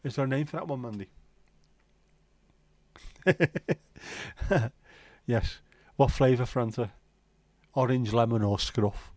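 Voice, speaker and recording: This livestream host, a man in his fifties, keeps things casual with dry humor and an odd curse here and there. He speaks slowly in a mid-range, slightly mellow voice, leaving long pauses, and there's no echo.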